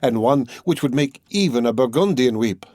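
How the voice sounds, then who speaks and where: A man's voice: mid-range voice, lively intonation, moderate pace, mellow, no room sound, clean studio sound, natural voice. A man voicing a chatty, offhand townsman in a classic novel. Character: chatty medieval townsman, easygoing. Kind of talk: scripted narration.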